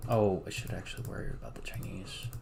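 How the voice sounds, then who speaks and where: A man's voice: on the low side, steady tone, fast, gravelly, background noise. A man giving casual commentary while playing a strategy game, thinking aloud and muttering to himself.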